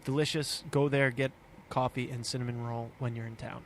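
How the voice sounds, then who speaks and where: A man's voice: medium pitch, flat delivery, fairly quick, slight background noise. A man co-hosting a podcast, chatting casually and cheerfully, laughing now and then between filler words. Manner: upbeat, chuckles while talking, many uh fillers. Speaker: podcast co-host. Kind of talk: casual chat.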